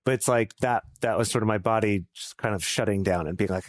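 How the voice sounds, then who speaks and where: A man's voice: fairly low pitch, brisk, dry recording, clean studio sound. A man co-hosting a podcast in casual chat, thoughtful, often restarting his sentences. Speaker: podcast co-host.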